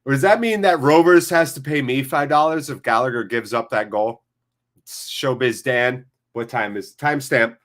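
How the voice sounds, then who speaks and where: A man hosting a live football watchalong, commentating and joking excitably and swearing freely. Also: medium pitch, moderate pace. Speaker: watchalong host. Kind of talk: live match commentary and chat.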